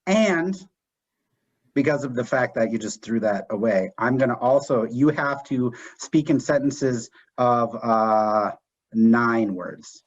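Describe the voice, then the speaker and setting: A man hosting an improv game, giving rules with many pauses and fillers. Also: mid-range voice. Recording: dull lo-fi stream audio.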